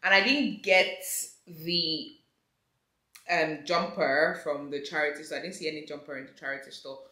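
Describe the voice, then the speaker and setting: A woman in her twenties from Nigeria, with a Nigerian accent, chatting excitedly in a home vlog and slipping into Yoruba. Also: deep voice, normal speed, roomy sound. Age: 20s. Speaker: vlogger. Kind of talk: casual vlog chat. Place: home kitchen, indoors.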